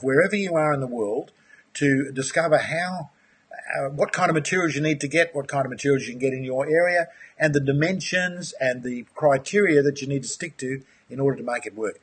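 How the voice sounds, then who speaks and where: An enthusiastic, chatty middle-aged man, talking through a live online presentation. His voice is very rough and husky, sitting at a middle pitch for a man. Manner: enthusiastic, chatty, uses "mate". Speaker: aquaponics course host.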